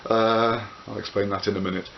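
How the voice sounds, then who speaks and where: In this instructional ukulele tutorial, a man with a lowish voice and vocal fry talks a little fast, counting beats and calling out chords while playing. He's relaxed and explanatory, saying "uh" often. The camcorder microphone gives dull, hissy sound dominated by the loud ukulele.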